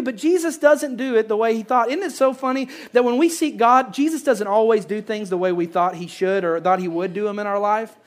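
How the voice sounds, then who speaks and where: A pastor preaching a sermon, swinging between loud emphasis and hushed lines and repeating phrases for effect. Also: medium pitch, fairly quick, few pauses.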